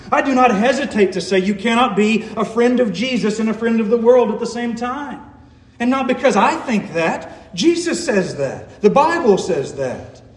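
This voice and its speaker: High-voiced preacher man in an echoey hall. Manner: preaching with rhetorical questions. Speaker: pastor. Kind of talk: sermon.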